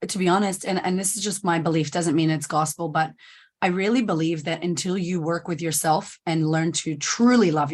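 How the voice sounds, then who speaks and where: Woman coach talking on a podcast, candid and animated, lower voice. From United States. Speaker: podcast guest, confidence coach. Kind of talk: conversational interview.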